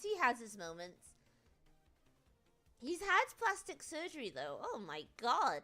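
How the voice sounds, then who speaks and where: A woman's voice: on the high side, sing-song, unhurried, pushed and bright, faint music behind. A woman with a British accent chatting casually on a livestream, teasing her viewers with jokey banter and frequent restarts. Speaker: VTuber streamer.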